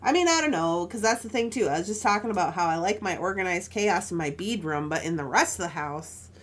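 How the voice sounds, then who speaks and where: A woman's voice: fairly low pitch, animated, a little fast, a bit bright. A woman casually chatting while she crafts jewelry on a live stream, telling stories with frequent laughs and asides.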